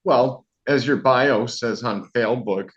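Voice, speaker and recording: A man's voice: medium pitch, slow, dull audio. A man hosting a casual interview, joking and teasing the guest. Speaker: host. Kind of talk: casual chat.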